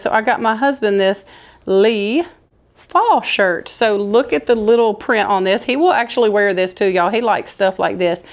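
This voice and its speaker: A woman, chatting enthusiastically to camera as she shows off her thrift haul. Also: medium pitch. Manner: chatty, enthusiastic, says y'all. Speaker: thrift vlogger showing a haul. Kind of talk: casual haul chat to camera.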